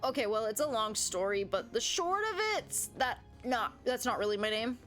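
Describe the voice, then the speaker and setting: A woman's voice: a little high, moderate pace, faint music behind. Chatty American woman reading a game aloud. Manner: chatty, giggly, reads game lines aloud with animated asides. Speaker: gaming streamer. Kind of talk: reading and commenting on a visual novel.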